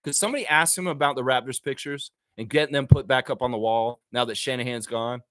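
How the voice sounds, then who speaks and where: A man hosting a live basketball stream, chatting casually and reacting excitedly to viewer comments. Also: mid-range voice. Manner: animated, excitable, quick to laugh at his own bits. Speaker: livestream basketball show host.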